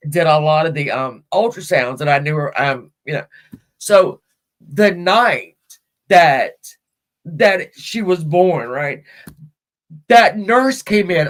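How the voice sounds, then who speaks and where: A middle-aged woman hosting a casual podcast, telling a personal story in a rambling, frank way and swearing freely. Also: low voice. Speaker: podcast host.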